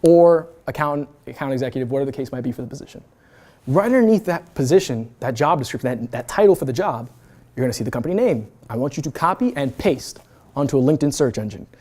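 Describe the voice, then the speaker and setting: A man in his twenties gives a brash, energetic motivational talk to students, swearing casually as a guest speaker in a university event room. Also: medium pitch, quick pace. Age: 20s.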